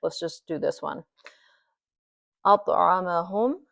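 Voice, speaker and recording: A woman's voice: on the low side, unhurried, dry recording. A woman teaching recitation at a board, explaining patiently and demonstrating each sound several times.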